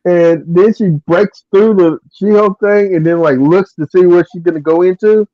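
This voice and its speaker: A man's voice: high voice, fairly even intonation, normal speed, no echo. A man co-hosting a podcast, chatting casually in a rambling way and laughing often. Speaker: podcast co-host. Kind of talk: casual chat. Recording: dull, lo-fi dry sound.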